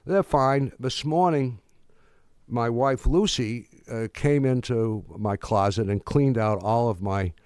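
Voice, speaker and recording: A man's voice: medium pitch, slow, a little mellow, clean tone, no room sound, clean studio sound, lightly acted. A man quoting his stockbroker friend in a casual, matter-of-fact way, while telling an anecdote. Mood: breezy. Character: older male stockbroker friend, chatty.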